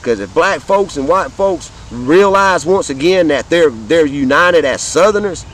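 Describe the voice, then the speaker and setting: A man from the American South with a noticeably high-pitched voice delivers an impassioned, profane rant. He speaks straight to his viewers and drives his points home through repetition. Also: expressive, a little slow, a bit bright, a little hiss or hum, poor audio. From Southern United States. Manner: fiery, profane, repetitive, addresses viewers directly. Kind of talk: impassioned political rant to camera.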